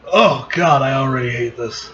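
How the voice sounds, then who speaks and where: A man's voice: mid-range voice, moderate pace, fairly bright tone. A young man casually reacting to a comic he reads aloud, blunt and profane. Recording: lo-fi recording with faint noise.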